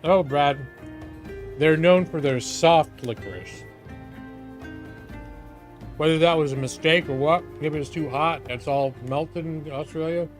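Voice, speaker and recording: A man's voice: fairly high pitch, a little slow, long pauses, soft background music. A man chatting casually on a live game stream, joking and self-mocking.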